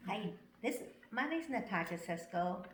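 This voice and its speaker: Excitable woman with broken English. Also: medium pitch, a little slow. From Washington state, USA. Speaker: camp visitor giving a testimonial. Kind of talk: casual testimonial. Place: upstairs room at a camp. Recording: roomy echo, faint noise.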